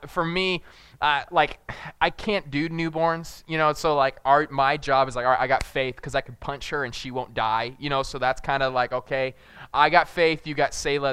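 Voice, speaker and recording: A young man preaching a casual sermon, telling rambling, jokey family stories and loudly acting out moments of panic. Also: fairly high pitch, clean tone, no room sound. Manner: jokey, rambling storyteller who shouts acted-out panic. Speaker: pastor.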